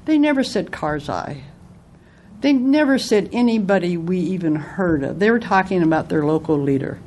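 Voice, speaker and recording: A woman's voice: lowish voice, expressive, normal speed, a little mellow, a little hiss or hum. A woman giving a casual spoken book review, retelling its anecdotes in a conversational way.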